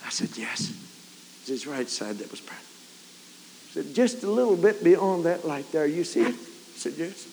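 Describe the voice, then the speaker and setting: A man preaching a revival sermon, telling a story and building to fervent shouts. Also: on the high side, big pitch swings, moderate pace, creaky. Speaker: evangelist preacher. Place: large camp meeting hall or tabernacle. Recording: 1990s camp meeting tape, hall reverb, faint hiss.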